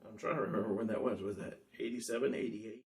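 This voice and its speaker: A man's voice: on the low side, fast, distant mic. A man who sings and plays guitar, chatting casually and rambling a little between songs. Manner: relaxed, rambling, homespun. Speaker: singer and guitarist. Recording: guitar playing behind.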